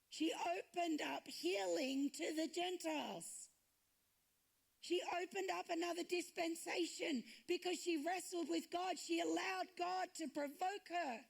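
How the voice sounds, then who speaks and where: A woman pastor delivers a sermon at a slow, deliberate pace. Her voice sits high and carries a gravelly edge. She slips into the voices of the people in her stories as she retells them. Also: lively intonation. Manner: acts out quoted lines in retelling stories.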